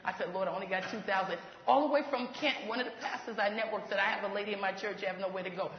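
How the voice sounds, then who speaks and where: Brisk woman ministry leader, animated testimony with laughs, heard in a big echoing hall. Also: mid-range voice, slight background noise. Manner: animated, laughs while talking, acts out quoted voices. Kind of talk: testimony storytelling. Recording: echoey hall, dull lo-fi sound.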